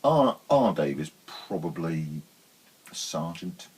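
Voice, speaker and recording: A young man co-hosting a casual chat, throwing in dry deadpan jokes. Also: sits low, takes it slowly, slightly rough, rough recording. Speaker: co-host.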